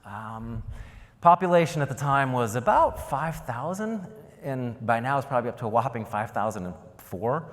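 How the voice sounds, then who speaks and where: A man from Ohio tells stories from the stage of a keynote, joking and acting out each scene. His pitch swings up and down a lot as he talks. His voice rings with the long reverb of a large conference hall. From Ohio, United States. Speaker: keynote speaker. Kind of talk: storytelling keynote speech.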